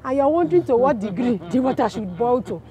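A woman with a Nigerian accent giving a casual testimony, telling her story in a lively way and acting out the voices of the people in it. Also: a little high, quick pace, a little hiss or hum. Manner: animated storyteller, acts out quoted voices.

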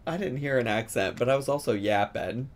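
A man commentating casually over a cooking video, chatty and swearing with sudden excited outbursts. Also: mid-range voice, fairly quick, a little hiss or hum. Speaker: host reacting to a cooking video.

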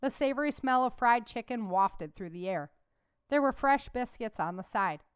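A woman author reading her own novel aloud in an even, measured way, then talking about the book. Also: a little high, smooth, dry recording, clean studio sound. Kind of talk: audiobook narration and conversational commentary.

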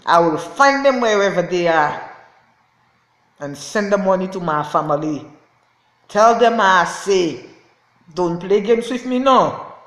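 A woman's voice: medium pitch, expressive, a little slow, long pauses, a bit bright, reverberant. A woman speaking as a self-styled prophetess in an impassioned, repetitive rant to camera, laughing in anger. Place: indoors, lying on a floor.

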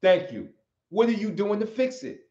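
Very animated yet mellow, this American man's high-pitched voice runs at a normal speed. As a livestream host and martial arts teacher, he gives a preachy, emphatic motivational talk that hammers key phrases repeatedly. The sound is roomy and a little dull.

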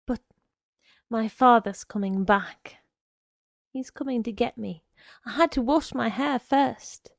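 A frightened teenage girl, as a woman puts her on, anxious and pleading. She speaks slowly with a slightly gravelly texture, recorded dry and close. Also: a little high, dry recording. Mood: nervous. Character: frightened teenage girl, defiant but scared.

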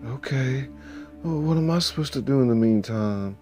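A man voicing an anxious grown woman who speaks in quick, alarmed exclamations. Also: medium pitch, expressive, a little mellow, faint music behind, voice pushed up, lightly acted.

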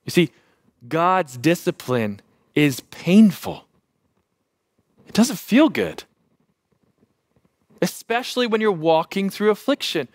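A man in his thirties, a pastor preaching a sermon and telling a lively family story with self-deprecating humor. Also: sits high, slow pace, long pauses, dry recording, studio quality.

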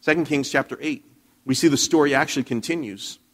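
A man's voice: mid-range voice, a little fast. A man preaching a sermon in a church, telling a Bible story conversationally with frequent restarts and questions to the congregation. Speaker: pastor.

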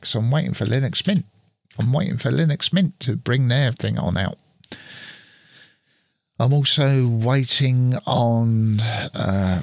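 A man's voice: lowish voice, creaky, a little mellow, no room sound. A man chatting casually as he walks through a computer setup on screen, thinking aloud as he works, recorded on a studio mic through an audio interface. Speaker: channel host.

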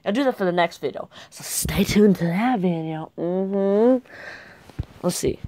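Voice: mid-range voice, a little slow, warm tone. A young gaming video creator giving rambling, jokey gameplay commentary.

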